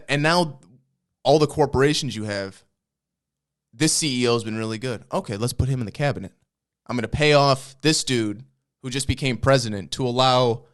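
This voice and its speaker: A man co-hosting a comedy podcast, riffing crudely and fast in casual chat. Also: lowish voice. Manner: crude, animated, rapid riffing with put-on voices. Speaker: podcast co-host.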